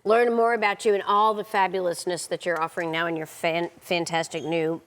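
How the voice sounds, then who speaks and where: A woman's voice: on the low side, level tone, a little fast, a bit bright. A woman hosting a morning TV show, chatting with a guest in a bubbly, enthusiastic way. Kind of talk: live TV chat.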